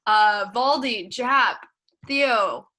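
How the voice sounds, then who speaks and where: Bright, high young woman teaching debate. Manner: brisk drill-like listing, then checks in with students. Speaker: debate camp instructor. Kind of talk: online lecture, reading a practice speech aloud.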